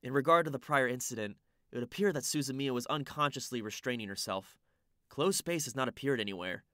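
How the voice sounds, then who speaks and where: A man's voice: mid-range voice, fairly quick, fairly bright tone, dry recording, clean studio sound, pitched above the performer's own voice, close to an everyday voice. A man voicing a polite, confident teenage boy in an audiobook reading. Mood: composed.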